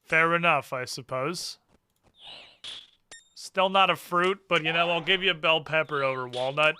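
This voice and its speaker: A man's voice: a little high, normal speed, sharp tone, slight background noise. A man chatting casually and sardonically on a live game stream, muttering to himself between rants. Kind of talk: casual live-stream chat while gaming.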